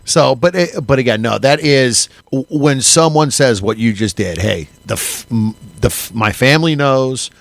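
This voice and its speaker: Podcast co-host, man, gravelly and animated, stumbles and restarts, dry studio sound. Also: mid-range voice, dry recording. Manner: animated, halting restarts, laughs often. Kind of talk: casual chat.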